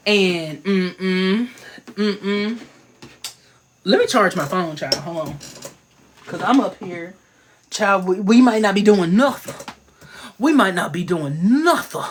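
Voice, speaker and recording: A man hosting a casual livestream chat, playful and slangy, talking into his phone with quick asides. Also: high-pitched, fairly bright tone, a little hiss or hum. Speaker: livestream host.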